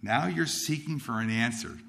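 A man's voice: medium pitch, normal speed, vocal fry, bright, forceful tone. God, patient and insistent, as a man quotes him. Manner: repetitive, insistent.

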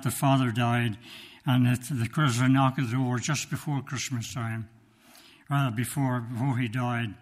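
A man delivers a sermon in a slow, emphatic voice of ordinary pitch. He tells his story with dramatic pauses and now and then checks his notes. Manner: reads from notes. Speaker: preacher.

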